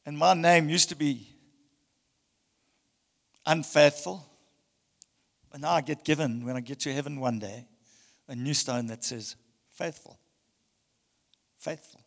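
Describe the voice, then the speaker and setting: A male pastor preaching a passionate sermon, swinging between loud emphasis and hushed tones. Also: on the high side, steady tone, measured pace, vocal fry, long pauses, big-room sound. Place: church hall.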